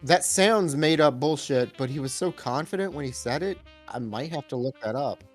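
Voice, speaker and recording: Man, podcast co-host, relaxed, wry, slightly high voice. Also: moderate pace, faint music behind. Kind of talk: casual chat about a film over beer.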